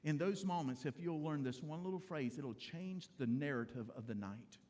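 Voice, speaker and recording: A middle-aged pastor with a high voice preaches in a church sanctuary. He talks straight to his congregation, conversational and joking. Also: normal speed, darkish tone. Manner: conversational, humorous preaching addressing the congregation directly. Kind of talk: sermon.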